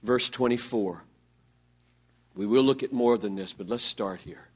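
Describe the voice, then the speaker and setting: A man preaching a sermon to students from a pulpit, swinging between loud, pleading emphasis and hushed, near-whispered lines. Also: medium pitch, a little slow, pauses often, slightly rough. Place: pulpit in a large hall.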